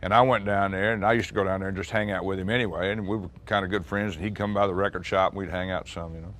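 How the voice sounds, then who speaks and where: A man in his sixties, a musician recounting an old recording session in relaxed, chatty storytelling. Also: low-pitched, fast. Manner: chatty, acts out quoted dialogue, frequent restarts and laughs.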